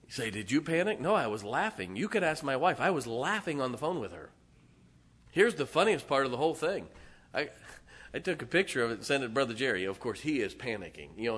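A middle-aged man, a pastor telling a folksy, animated story to his congregation with laughs and asides. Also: mid-range voice, breathy edge. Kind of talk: storytelling sermon. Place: church sanctuary.

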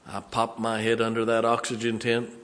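A man, preaching a sermon as a pastor, swinging from loud to hushed. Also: mid-range voice.

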